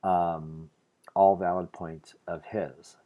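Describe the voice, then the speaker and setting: A man's voice: sits low, flat delivery, takes it slowly, narrow, tinny audio. A man from the United States giving an earnest, argumentative vlog monologue, hesitant and full of restarts. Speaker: vlogger. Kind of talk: casual monologue to the camera.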